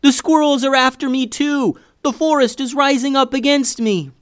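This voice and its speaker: A man voicing an excitable, dramatic boy who exclaims in a panicky way, in a children's story. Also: fairly high pitch, normal speed, no echo, studio quality, voice pushed up. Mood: panicked.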